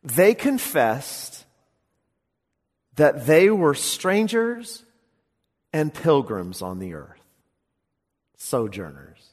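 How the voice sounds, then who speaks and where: A man preaching a sermon, emphatic, moving between loud exclamations and quiet, intense asides. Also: on the high side, huge pitch swings, slow pace, pauses often, long reverb tail.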